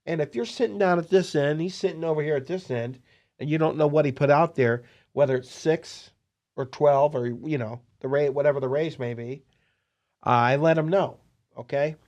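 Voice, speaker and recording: A man hosting a podcast, telling poker-dealing stories in an excitable, animated way. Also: a little high, normal speed. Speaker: podcast host and poker dealer. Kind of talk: casual storytelling interview.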